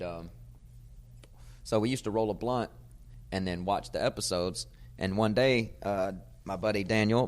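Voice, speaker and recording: A man, a comedian hosting his podcast, telling a casual, profane story and getting loud when he acts out old arguments. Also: lowish voice. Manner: profane, animated storyteller who gets loud acting out arguments.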